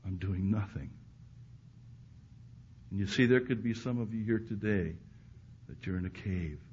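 A male preacher delivering a sermon to a live congregation, dropping to hushed, intimate lines and then rising to loud, emphatic ones. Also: on the low side, a little fast. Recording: muffled recording with faint background hiss.

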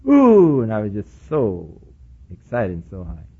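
A male pastor tells a story from the pulpit in a husky, mid-range voice, moving between soft, low asides and sudden animated outbursts. The recording is muffled and lo-fi. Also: measured pace. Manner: animated storyteller acting out dialogue, soft low murmurs rising to excited bursts. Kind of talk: sermon with storytelling.

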